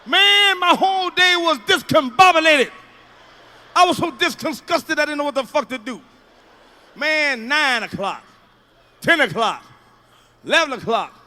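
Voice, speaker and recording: A man works through a stand-up routine, loud and profane. His voice sits very high and comes out sharp and forceful. He tells his stories by acting out the people in them. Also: lively intonation, unhurried, long pauses. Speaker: stand-up comedian. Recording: archival stand-up clip.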